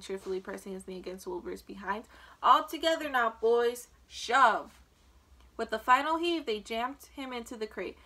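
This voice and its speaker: A woman reading a children's book aloud in a clear, steady storytelling manner. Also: on the high side. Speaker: storybook reader.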